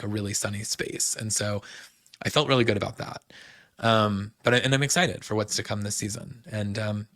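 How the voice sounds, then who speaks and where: A man's voice: on the low side, a bit bright, no echo, clean studio sound. A young man hosting a podcast, chatting casually with lots of fillers as he recaps shows. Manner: chatty, fillers like "like" and "um", quotes people. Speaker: podcast host.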